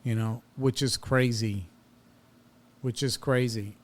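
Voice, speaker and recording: A man's voice: mid-range voice, steady tone, takes it slowly. A man in his thirties hosting a podcast, telling a personal story in a blunt, profane, casual way and reliving an argument with rising heat. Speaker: podcast host.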